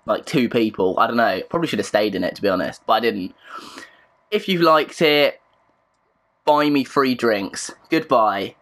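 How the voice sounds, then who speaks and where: A man giving rambling, crude, excitable commentary while playing an online shooter, often shouting at the game. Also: medium pitch. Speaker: gaming YouTuber. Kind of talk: live gameplay commentary.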